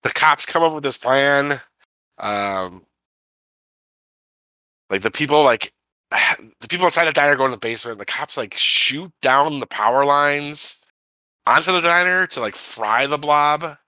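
A man's voice: fairly high pitch, a little slow, pushed and bright, no echo. A man co-hosting a film podcast in casual chat, rambling with lots of filler words. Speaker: podcast co-host reviewing a film.

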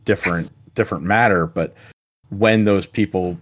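A man chatting casually about a film, halting and meandering, with casual swearing. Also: low-pitched, fairly even intonation, slight background noise. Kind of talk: casual movie discussion. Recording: dull lo-fi sound.

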